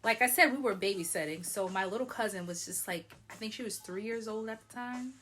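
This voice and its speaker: A woman's voice: medium pitch, a little fast, a bit bright. Chatty young woman telling a story. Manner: chatty, frequent "like", laughs often. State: tipsy from wine. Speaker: vlogger. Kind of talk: casual storytelling.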